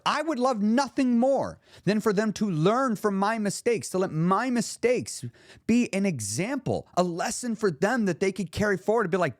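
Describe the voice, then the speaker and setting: An expressive man with a high voice hosts a podcast as a weight-loss coach, speaking at a moderate pace. Recorded in studio quality with no room sound, he tells casual, motivational stories and occasionally swears.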